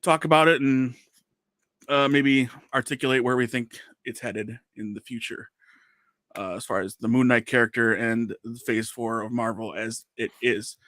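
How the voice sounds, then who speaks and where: A man hosting a casual podcast, joking and teasing his co-host with quick asides. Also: mid-range voice, a bit bright, dry recording, studio quality.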